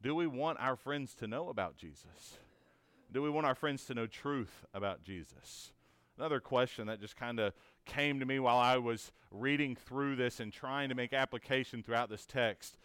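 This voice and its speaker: A man's voice: medium pitch, moderate pace, a bit bright, clear, resonant tone, no echo. A man teaching a conversational Bible lesson in an earnest, encouraging way, asking many rhetorical questions and often checking in with "right?".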